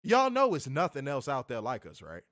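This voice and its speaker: A man's voice: mid-range voice, huge pitch swings, normal speed, fairly bright tone, no room sound, studio quality. A man co-hosting a wrestling review show, ranting in casual, profane talk and repeating words as he gets heated. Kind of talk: casual podcast rant.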